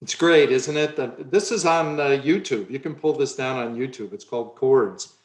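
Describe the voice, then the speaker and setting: A man's voice: mid-range voice, normal speed, echoey room. A man giving a conference lecture on the voice, now and then changing his own voice to show a point.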